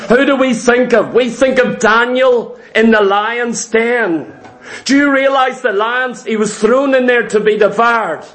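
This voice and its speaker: High-voiced man preaching, emphatic, repetitive, rhetorical questions. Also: a little slow, a bit bright. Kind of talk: sermon.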